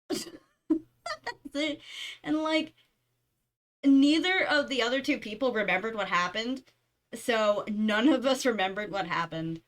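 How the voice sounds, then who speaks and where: A woman's voice: fairly high pitch, expressive, a little slow, pauses often. A young woman streamer chatting casually, rambling through stories and giggling often. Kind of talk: casual chat.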